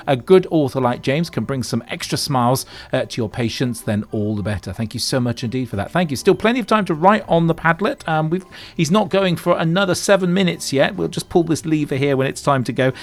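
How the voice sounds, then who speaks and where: A man's voice: on the high side, expressive, brisk. A man hosting a live radio book show, reading out listener messages and cueing his guest. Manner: friendly, reads out listener messages. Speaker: radio host.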